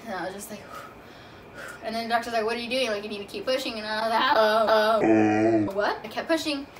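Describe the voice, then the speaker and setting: Recorded from afar with faint room noise, a young vlogger chats through a personal story in a loose, casual way with lots of "like" fillers. She talks fast in a fairly bright voice on the high side.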